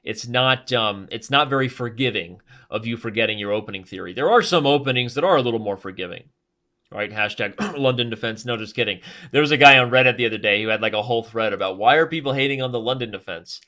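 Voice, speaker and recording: A man commentating live chess games in a fast, joking, chatty way, giving opening advice. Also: mid-range voice, pushed and bright. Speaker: chess streamer and coach.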